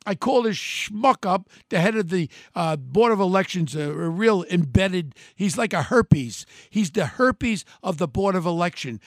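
An older man with a gravelly New voice tells his story bluntly, his pitch high and swinging up and down. The sound is dry and close, with no room around it. He keeps slipping into the voices of the people he quotes. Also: expressive, measured pace, few pauses, no echo. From New York City. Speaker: former mayoral candidate telling a story. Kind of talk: animated storytelling monologue.

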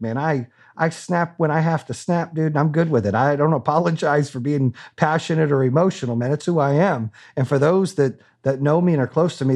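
A man's voice: a little high, darkish tone. A man being interviewed as a business owner, talking candidly in a blunt, profane and fired-up way.

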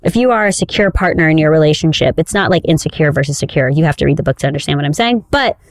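A woman's voice: low voice, animated, quick pace, no room sound, studio quality. A woman co-hosting a podcast, chatting casually and playfully and laughing often. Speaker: podcast co-host. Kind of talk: casual chat.

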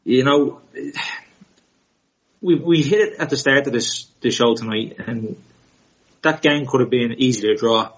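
A man co-hosting a casual football chat, talking things through in a measured, reasoning way. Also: medium pitch. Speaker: podcast co-host. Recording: slightly muffled sound.

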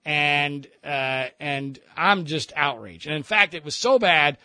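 Male radio host, storyteller, sharp tone, slightly higher pitch, profane, lively. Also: slow pace, no room sound. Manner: animated, profane, mimics others mid-story. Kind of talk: casual storytelling.

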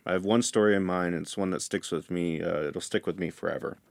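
A man's voice: low-pitched, fairly even intonation, fast talker, creaky, dry recording. A man telling an earnest, emotional story as an interview guest who teaches dads to do hair. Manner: earnest, emotional, laughs softly.

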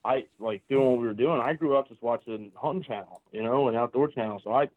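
A man's voice: medium pitch, quick pace, no echo. A man from Southeast Pennsylvania chatting as a podcast guest, earnest and rambling, circling back through restarts. His voice sits mid-range and comes through a thin, phone-like line with a dry, close sound. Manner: earnest, rambling, many restarts and "you know"s. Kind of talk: casual chat. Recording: tinny phone-like call line.

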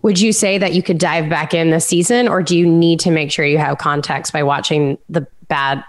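A woman on a casual podcast panel who talks in a chatty way and laughs easily. She often stops and restarts as she shapes her thoughts. Her voice sits slightly low for a woman. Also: steady tone, moderate pace. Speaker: podcast co-host. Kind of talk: casual chat.

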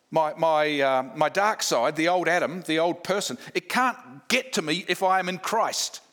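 A man's voice: on the high side, fairly bright tone. A man preaching a sermon, emphatic, building points with repeated lists and rhetorical questions. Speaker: pastor.

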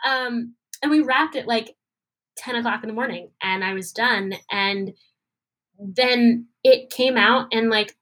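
A young woman, a guest performer, telling a story in a casual interview and acting out the quoted dialogue with lively energy. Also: on the high side, unhurried. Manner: animated, acts out quoted dialogue.

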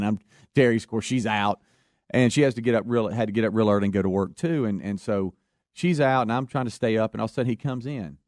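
A man's voice: lowish voice, dry recording, clean studio sound. Man telling a folksy story. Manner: folksy, animated storyteller acting out quotes. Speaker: radio show co-host. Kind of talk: casual storytelling chat.

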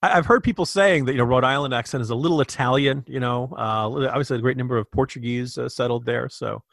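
A man's voice: medium pitch, fast, gravelly, fairly bright tone, dry recording, studio quality. A man co-hosting a podcast, giving opinionated political commentary with frequent restarts. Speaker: podcast co-host.

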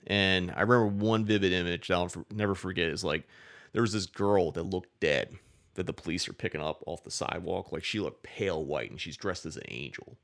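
A man's voice: sits low, fairly quick, vocal fry, a bit bright. A man casually telling a long, rambling story, cursing often and filling his talk with "like". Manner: rambling, profane, many "like" fillers.

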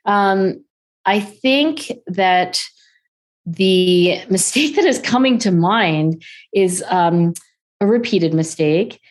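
A woman in her forties, a guest on an interview show, talking fast and filling her speech with "like" and "um". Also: mid-range voice. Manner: animated, acts out quoted dialogue in raised voices. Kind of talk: conversational interview.

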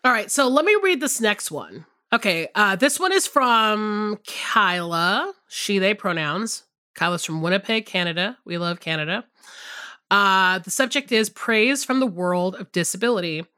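A woman from the Southern United States co-hosting a podcast, chatting casually and reading listener letters in a relaxed, even way. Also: medium pitch, a little slow, smooth, no room sound, clean studio sound. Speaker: podcast co-host.

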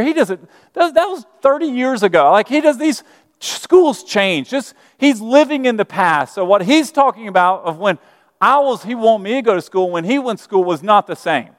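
A middle-aged man from Alabama, preaching a sermon in a conversational way and asking the congregation questions. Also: high-pitched. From Birmingham, Alabama. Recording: reverberant church hall.

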